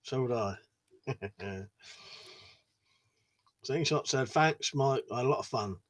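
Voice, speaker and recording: Speaking slowly in a mid-range voice, a British man runs a laid-back livestream. He reads viewers' messages out loud, answers in a friendly, matey style and swears freely.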